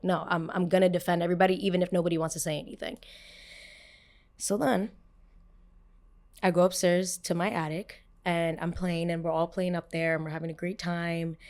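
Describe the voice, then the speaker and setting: Animated young woman telling a story. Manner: animated, acts out quotes with raised pitch. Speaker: podcast host. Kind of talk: casual storytelling.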